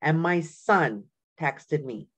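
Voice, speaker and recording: A woman's voice: deep voice, animated, takes it slowly. An older woman from Canada, an elder giving an informal teaching talk in a storytelling way, often checking in with "right?" and "you know". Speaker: community elder.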